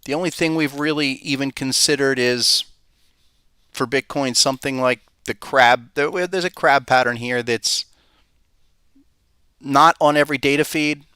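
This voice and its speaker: Guy doing live market commentary, bright crisp voice, dry close sound, chatty and thinking out loud. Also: mid-range voice, measured pace, no room sound. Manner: conversational, thinking aloud with rhetorical questions. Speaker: podcast host and market analyst.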